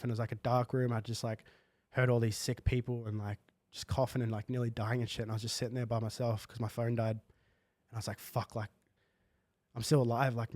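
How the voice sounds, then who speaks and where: A man's voice: medium pitch, a little mellow, no echo. A young man telling a personal story in a casual, slangy podcast chat full of fillers. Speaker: guest. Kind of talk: candid podcast conversation.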